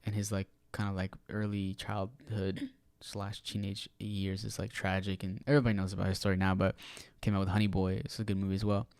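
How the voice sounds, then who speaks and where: A man's voice: fairly low pitch, level tone, fairly quick, darkish tone, clear, resonant tone, no room sound. A man co-hosting a podcast in casual chat, rambling with lots of fillers. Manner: rambling, filler-heavy retelling. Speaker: podcast co-host.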